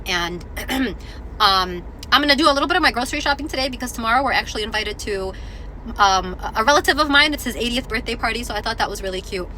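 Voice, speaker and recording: A woman, chatting through a casual vlog while still congested from an illness, animated and full of exclamations and asides. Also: a little high, quick pace, a little hiss or hum. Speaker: vlogger.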